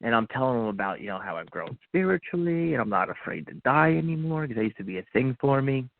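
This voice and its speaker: A man appearing as a podcast guest tells his own story earnestly, acting out the inner dialogue he had with himself in the moment. His mid-range voice is gravelly and very animated, and he talks fast. The recording comes over a tinny, phone-like line and is dry.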